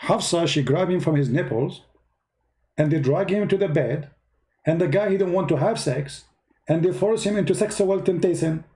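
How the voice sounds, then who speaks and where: Male host, casual sarcastic commentary, halting non-native English, warm mellow voice. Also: fairly high pitch. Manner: sarcastic, mocking, talks directly to viewers.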